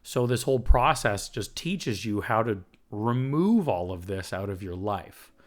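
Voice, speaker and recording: A man's voice: on the low side, expressive, measured pace. A man hosting a recovery podcast, talking earnestly and getting fired up, with the odd swear and laugh. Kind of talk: reflective recovery podcast talk.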